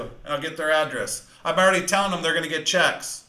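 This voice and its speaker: High, bright, and punchy, this man's voice rings with echo as he runs a live sales training talk. He talks quickly and emphatically, bursting with energy.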